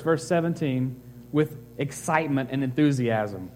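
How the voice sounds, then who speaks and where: A man preaching a sermon with a warm, mellow tone, pitched a little high. He talks casually, then builds to animated, emphatic reading. A faint mains hum sits under the voice. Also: moderate pace. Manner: animated, rising to excited emphasis. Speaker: pastor.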